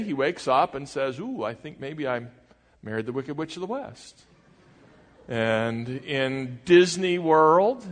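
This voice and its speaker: Man preaching in a reverberant hall. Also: medium pitch. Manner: conversational, asks the congregation questions. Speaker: pastor. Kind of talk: sermon. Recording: long reverb of a large hall.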